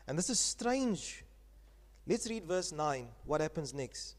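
A male pastor preaching a lively sermon, telling stories and putting questions to his congregation. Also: on the high side, takes it slowly, in a large hall. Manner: animated storytelling, asks the congregation questions. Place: church hall.

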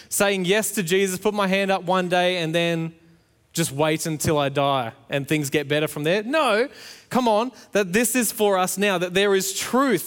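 A man, preaching a sermon and telling a family story, acting out the playful quotes. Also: a little high. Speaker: pastor. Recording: long hall reverb.

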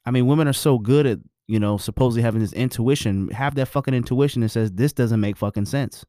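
A man's voice: medium pitch, quick pace, mellow, dry recording, studio quality. A married man giving his views in a blunt, preachy, profane casual monologue.

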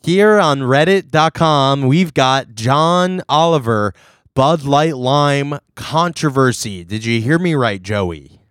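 A man's voice: mid-range voice, animated, slow, a bit bright, smooth, dry recording, clean studio sound. A man co-hosting a casual comedy chat, playful and reading out posts. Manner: playful, reads from a forum, laughs along. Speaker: podcast co-host.

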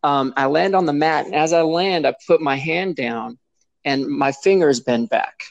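A man, a guest on a talk show, recounting a past injury in plain, steady speech. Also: fairly high pitch, moderate pace, creaky, no room sound, dull audio. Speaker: guest, former mascot performer. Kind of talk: casual interview storytelling.

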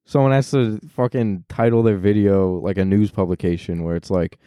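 A man's voice: lowish voice, steady tone, moderate pace, warm tone, clean tone, dry recording, studio quality. A young man co-hosting a podcast in profane, joking casual chat. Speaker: podcast co-host.

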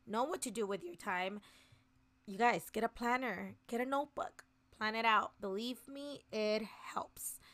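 A woman's voice: a little high, moderate pace, fairly bright tone. A woman in her thirties hosting a casual motivational talk, speaking earnestly and encouragingly straight to her listeners. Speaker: podcast host.

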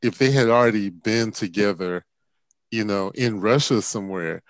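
Halting man with a low, dry voice. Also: no room sound. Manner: halting, restarts often. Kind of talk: casual movie review chat.

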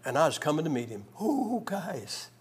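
Sharing his personal testimony at a revival, this preacher tells it vividly, shifting between booming and hushed. He speaks at normal speed with a fairly high pitch.

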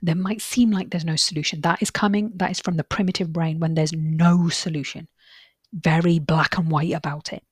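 Woman therapist, podcast host; husky, breathy tone; dry close sound; earnest, reassuring delivery with repeated emphasis. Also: sits low, fairly even intonation, normal speed, no room sound. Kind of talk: podcast monologue with client anecdotes.

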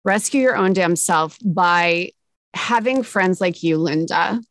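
A woman's voice: on the low side, slow pace, a bit bright, dry recording. A woman hosting a podcast, talking in an upbeat, sassy and emotional way. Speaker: podcast host. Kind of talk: casual chat.

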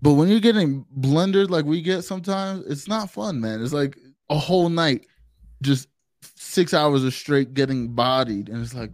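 A man appearing as a guest on a live stream, talking about gaming in a relaxed, frank way. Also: a little high, normal speed, dry recording. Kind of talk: casual chat on a live stream.

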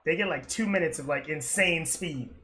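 A man hosting a casual chat, prompting others for stories, quick and chatty as he laughs along. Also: on the high side, a crowd in the background. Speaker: podcast host prompting stories.

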